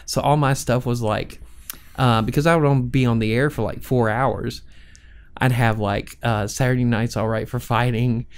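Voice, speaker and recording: A man's voice: mid-range voice, steady tone, normal speed, clean tone. A man in his forties on a podcast, chatting casually and telling stories with frequent laughter. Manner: chatty storyteller who laughs often. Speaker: podcast co-host. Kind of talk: casual chat.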